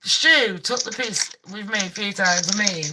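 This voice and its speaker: A woman's voice: medium pitch, a little slow, background noise. A woman, hosting a casual chat and telling stories bluntly, with lots of swearing. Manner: blunt, sweary, animated storytelling. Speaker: livestream host.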